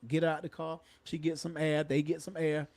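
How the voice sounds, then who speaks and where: A man's voice: fairly high pitch, monotone, moderate pace, creaky, darkish tone, no echo. A man who is a retired police officer and comedian, telling folksy patrol stories in casual podcast chat. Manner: folksy, Southern-flavored slang, chuckles at his own stories.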